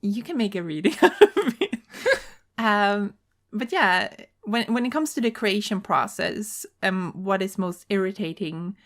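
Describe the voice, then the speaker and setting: A woman co-hosting a casual Q&A, answering fans' questions with halting restarts and fillers. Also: medium pitch, expressive. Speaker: co-host. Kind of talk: casual Q&A chat.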